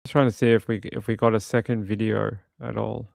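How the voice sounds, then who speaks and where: A man's voice: on the low side, little pitch movement, fairly quick, gravelly, a little mellow, no echo, studio quality. A man who hosts a true crime stream, rambling and indignant as he comments on videos. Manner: rambling and indignant, with frequent restarts. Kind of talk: casual commentary while watching videos.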